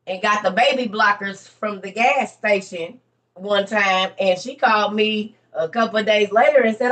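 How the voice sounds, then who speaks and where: A woman who makes social media videos, casually telling a story to her viewers and breaking into loud, laughing outbursts. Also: medium pitch, moderate pace. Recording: voice a bit far from the mic.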